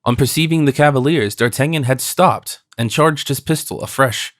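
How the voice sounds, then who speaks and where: A man's voice: medium pitch, normal speed, no room sound, studio quality. Man narrating a classic audiobook. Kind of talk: scripted narration.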